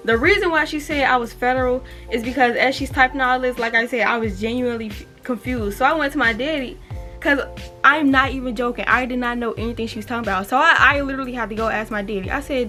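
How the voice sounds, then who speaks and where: A young woman, telling a storytime on her vlog in an animated way, swearing freely and reading text messages aloud. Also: sits high, fast talker, soft background music. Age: 20s. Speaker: vlogger. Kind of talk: casual storytime.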